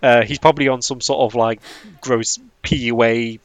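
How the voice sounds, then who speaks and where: A man's voice: mid-range voice, steady tone, normal speed. A man chatting casually on a podcast, laughing often and rambling with restarts. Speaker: podcast host.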